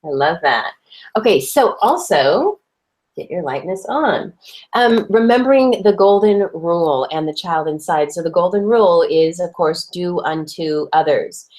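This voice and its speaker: A woman co-hosting a relationship advice chat, playful and expressive, slipping into acted-out voices for the lines she quotes. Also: on the low side, normal speed. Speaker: podcast co-host.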